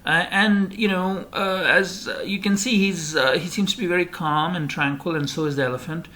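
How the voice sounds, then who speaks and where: A man's voice: sits high, fairly even intonation, normal speed, sharp tone. A man giving a recorded slide lecture, rambling with many fillers and restarts.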